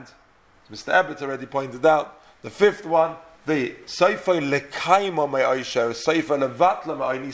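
A man teaching a class on a Mishnah, posing questions and explaining, with Ashkenazi-style Hebrew pronunciation. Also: medium pitch. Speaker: Torah teacher. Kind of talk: Talmud class lecture.

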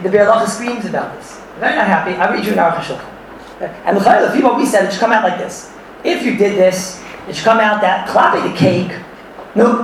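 A man leads a lively Torah class for an audience, his voice pitched fairly high and full of laughter as he mixes Yiddish and Hebrew terms into his English. He is recorded from a distance in a very echoey room, with a faint hiss underneath. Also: vocal fry. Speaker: Torah teacher. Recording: echoey room, far from the mic.

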